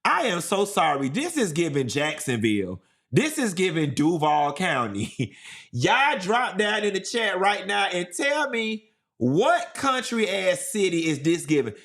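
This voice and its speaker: Man, live stream host, sassy, animated, repetitive gossip commentary, slightly high voice. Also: unhurried. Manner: sassy, animated, repeating for emphasis. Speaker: livestream host.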